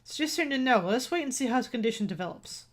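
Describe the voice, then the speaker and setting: A woman voicing a calm, composed male doctor in a game, reading his lines in a measured, reassuring way. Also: high-pitched.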